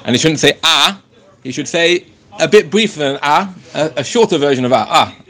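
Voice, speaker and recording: A man teaching a Torah class, reading Hebrew passages slowly and then explaining them in English, with frequent stops and restarts. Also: on the high side, lively intonation.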